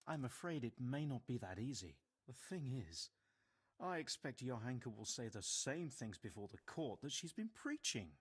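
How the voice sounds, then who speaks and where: A learned monk in a video game, earnest and worried,. His speech is formal and measured, with a slightly husky tone. His pitch moves a lot as he explains. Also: big pitch swings. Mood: concerned.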